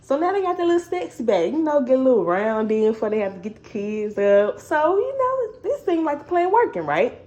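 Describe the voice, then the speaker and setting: Animated woman recapping a book. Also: high voice, fairly quick, few pauses. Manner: animated, chatty storytelling with slang. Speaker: book reviewer.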